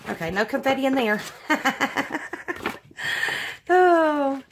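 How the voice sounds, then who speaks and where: A woman's voice: on the high side, huge pitch swings, slow, pauses often, background noise. A woman hosting a casual craft unboxing vlog, gushing and exclaiming over everything she opens. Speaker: craft channel host.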